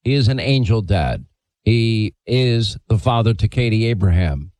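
A man's voice: fairly low pitch, expressive, measured pace, darkish tone, no echo, low-quality recording. A man hosting a talk radio show, reading a statement and interviewing a guest in an emphatic, opinionated way.

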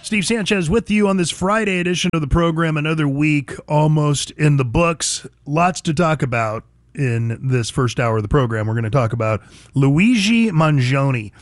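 A man's voice: a little high, animated, normal speed, dry recording, clean studio sound, soft background music. A man hosting a talk radio show, speaking bluntly and conversationally about the news and old times with his producer. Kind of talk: opinionated talk radio monologue.

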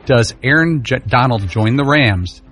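A man's voice: medium pitch, expressive, measured pace, fairly bright tone, soft background music. A man co-hosting a casual sports talk show, cracking dry jokes. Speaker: co-host.

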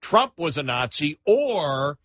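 A male talk radio host talks politics in a bright, pushy tone. He sounds incredulous and stammers into restarts. The studio sound is close and dry. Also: on the high side, very animated, takes it slowly, no echo.

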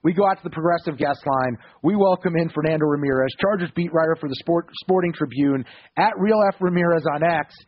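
A man hosting a sports radio show, interviewing a guest in a fast, jokey way. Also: a little high. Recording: muffled lo-fi radio audio.

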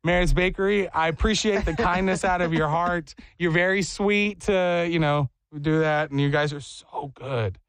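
A man hosting a radio show, telling a comic story in an animated, laughing, self-mocking way. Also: a little high, normal speed, few pauses, dry recording.

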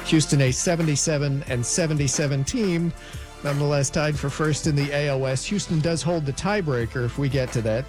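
A man reading a brisk, matter-of-fact rundown of scores as the sports update anchor in a radio studio. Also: fairly high pitch. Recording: music bed under voice.

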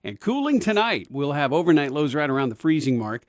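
A man's voice: on the high side, big pitch swings, a little fast. A middle-aged man on radio, reading a personal testimonial ad and the weather in an earnest, conversational way. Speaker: radio host. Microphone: studio mic.

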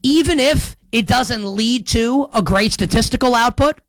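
A man hosting a sports talk show, giving opinionated commentary in a sarcastic, emphatic way, with big swings in pitch and pace. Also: measured pace, hardly any pauses, fairly bright tone, dry recording.

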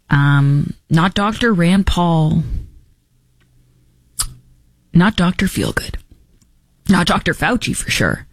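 A woman hosting a talk show with sarcastic political commentary, mocking and animated, jumping into quick impressions. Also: lowish voice, dry recording.

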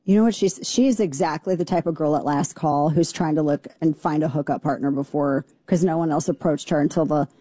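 A woman hosting a show, giving sassy, mocking political commentary in a quick, casual way. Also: deep voice, dark tone, no echo. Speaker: show host.

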